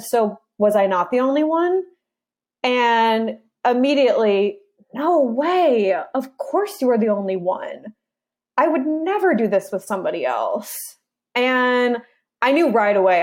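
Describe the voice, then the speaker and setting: A woman's voice: on the high side, a little mellow. A young woman, an interview guest, telling a personal story in a casual way and acting out her side of past conversations.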